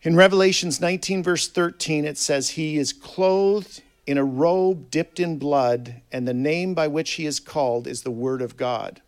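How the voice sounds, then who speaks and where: A man preaching a sermon in an earnest way, reading scripture aloud and swinging between quiet and loud emphasis. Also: a little high, a little slow, hardly any pauses.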